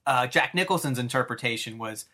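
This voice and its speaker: A man in his thirties chatting on a podcast with a bright, forceful tone. He talks with eager enthusiasm, rambling and acting out the story as he goes. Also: medium pitch, a little fast. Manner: enthusiastic, rambling, acts out scenes. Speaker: podcast host. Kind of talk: casual chat.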